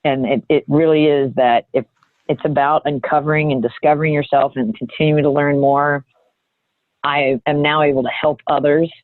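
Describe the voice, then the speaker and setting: A woman guest telling a personal story in an earnest, halting way, often restarting her sentences. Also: low-pitched, flat delivery, dry recording. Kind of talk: candid reflective storytelling. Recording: thin phone-like audio.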